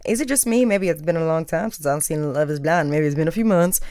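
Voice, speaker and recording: A woman's voice: sits low, fast, a little mellow, no room sound, clean studio sound. A woman hosting a podcast, giving chatty, opinionated pop culture commentary full of filler words. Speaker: podcast host.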